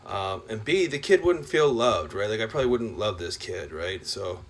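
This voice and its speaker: A man talking in a rambling, profane monologue rant. He is full of filler words and swings between loud outbursts and low mutters. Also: expressive, moderate pace. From Canada.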